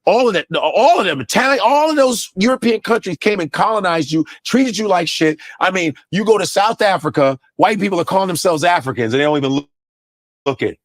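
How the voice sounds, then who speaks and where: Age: adult. Sex: man. Origin: from the United States. Style: casual storytelling chat. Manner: animated, profane, laughs a lot. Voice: high and swooping. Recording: dry studio sound. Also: brisk, no echo. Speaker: guest telling stories.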